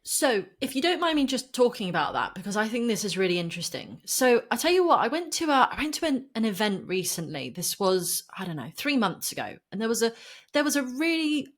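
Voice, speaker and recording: A woman's voice: a little high, very animated, brisk. A woman, a property and mindset coach, talks passionately as a podcast guest, laughing and getting worked up as she makes her point. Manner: impassioned, emphatic, laughs often. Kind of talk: animated podcast conversation.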